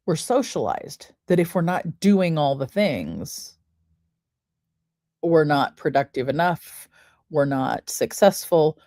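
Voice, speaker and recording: A woman with a low voice walks listeners through a breathing exercise, counting each breath aloud. She speaks unhurriedly and soothingly, like a wellness coach. The recording is dry and close, with no room sound. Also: dark tone, no echo. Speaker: podcast host. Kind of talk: guided breathing and wellness talk.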